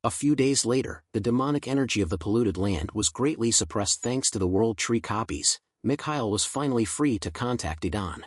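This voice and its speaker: A man's voice: on the low side, animated, fairly quick, hardly any pauses, no room sound, studio quality. Man narrating a fantasy comic recap. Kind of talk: scripted story narration.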